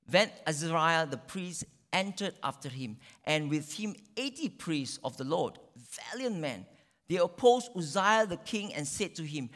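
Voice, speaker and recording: Man preaching in a booming hall. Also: sing-song. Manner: dramatic preaching with sudden loud peaks and drawn-out phrases. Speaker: pastor. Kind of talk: sermon. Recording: long reverb of a large hall.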